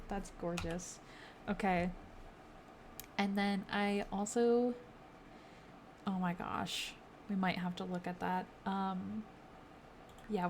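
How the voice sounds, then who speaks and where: Gushing young woman, slow-paced game commentary. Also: on the low side, slight background noise. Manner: gushing, easily delighted, lots of fillers. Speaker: gaming video creator. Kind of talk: casual game walkthrough commentary.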